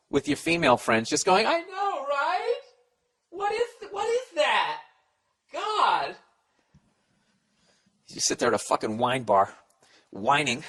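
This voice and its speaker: The speaker is a man with a mid-range, fairly bright voice hosting a comedy podcast. He reads listener letters aloud with some stumbling and answers each in a casual, blunt, foul-mouthed rant that wanders.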